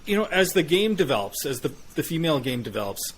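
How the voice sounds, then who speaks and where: A man's voice: fairly high pitch, big pitch swings, fast talker, slight background noise. A man from northern Canada hosting a podcast, talking in a rambling, friendly way with many fillers. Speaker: podcast host. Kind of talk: casual interview chat.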